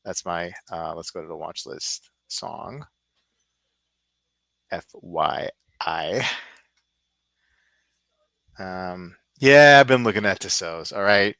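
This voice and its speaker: A man's voice: deep voice, unhurried, gravelly, few pauses, bright, forceful tone, dry recording. A man hosting a casual live stream, rambling and thinking aloud as he browses.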